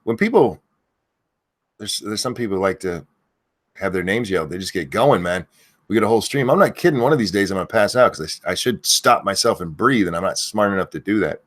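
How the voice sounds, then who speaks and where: A man with a low voice hosts a live stream and talks loosely, with lots of swearing. His pitch swings widely, and he rambles from one thing to the next before breaking off to shout out viewers' names. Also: animated, a little fast. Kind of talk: casual live-stream rant.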